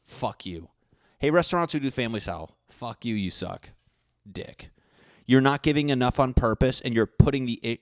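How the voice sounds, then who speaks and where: Profane ranting young man, smooth voice. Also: fairly low pitch, no room sound, clean studio sound. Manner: profane, animated ranting with mocking quoted voices. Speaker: podcast host. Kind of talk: solo comedic rant.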